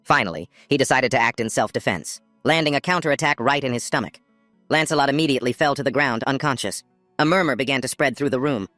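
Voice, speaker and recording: A man reads a scripted comic recap in a steady storytelling voice of middling pitch. The sound is dry and close, with faint music running under the narration. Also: fast talker, no echo.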